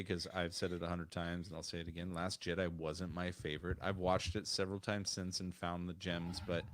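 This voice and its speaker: A man's voice: deep voice, no room sound. A man co-hosting a casual podcast over a remote call, talking in a rambling way with many restarts. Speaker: podcast co-host.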